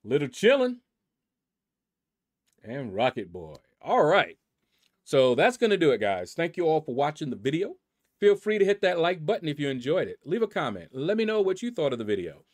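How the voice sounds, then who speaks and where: A man's voice: fairly high pitch, big pitch swings, fairly quick. A man hosting a gaming channel, chatting casually with rambling asides as he reads through a leaderboard. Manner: laid-back and rambling, with many asides. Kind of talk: casual commentary reading a leaderboard.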